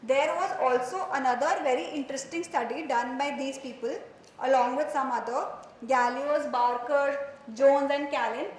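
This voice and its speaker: A woman with an Indian accent and a high-pitched voice teaches a psychology class, slipping in Hindi phrases and checking in with students as she goes. Her voice bounces around a roomy classroom, with a faint hum of room noise behind it. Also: steady tone, normal speed. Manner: conversational, mixes in Hindi phrases, quizzes students with questions. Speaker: psychology lecturer. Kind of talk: classroom lecture.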